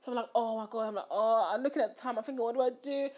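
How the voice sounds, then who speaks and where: A woman's voice: sits high, fairly even intonation, racing, a little mellow. A young woman telling a story in casual chat, acting out the quotes with rising squeals.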